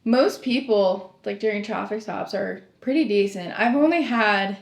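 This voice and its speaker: A young woman, once a sheriff's deputy, tells stories in a laid-back podcast chat, her gravelly voice at medium pitch and normal speed. She's an animated storyteller who acts out the quoted dialogue and laughs a lot, recorded in an echoey room.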